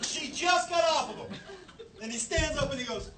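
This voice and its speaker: High-voiced male comic, animated and crude, live club audio with audience noise. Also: moderate pace. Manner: animated, shouting punchlines, crude. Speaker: stand-up comedian. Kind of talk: stand-up storytelling. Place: comedy club stage with laughing audience.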